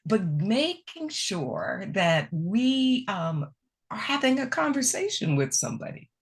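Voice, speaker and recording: A woman presenting a speaking workshop, answering questions in a conversational, emphatic way over a video call. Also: takes it slowly. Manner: conversational, animated pitch, repeats key phrases.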